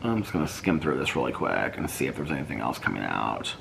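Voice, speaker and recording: A man vlogs in casual chat, reading viewer comments and thinking aloud as he searches online. His deep, soothing voice is very animated, quick, and creaky, with a noisy background. He's chatty and rambling.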